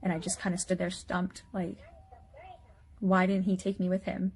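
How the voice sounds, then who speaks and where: A woman's voice: fairly low pitch, completely flat delivery, moderate pace, darkish tone, breathy edge. A woman anxiously recounting a dream, rambling with many fillers and bewildered questions.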